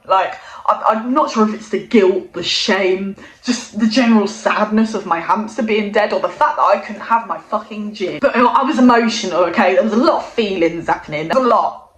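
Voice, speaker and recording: Young woman, casual sweary deadpan storyteller, mid pitch, echoey room. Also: normal speed. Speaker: vlogger. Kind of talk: comic storytime. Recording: roomy echo.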